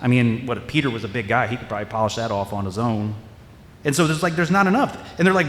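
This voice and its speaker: A male pastor preaching a casual, chatty sermon, slipping into quoted voices and stopping to restart his thoughts. His voice sits at an ordinary middle pitch, and the church sanctuary gives it a roomy echo with a long reverb tail. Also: fast. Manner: conversational, acts out quoted voices, many restarts. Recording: echoey hall with long reverb.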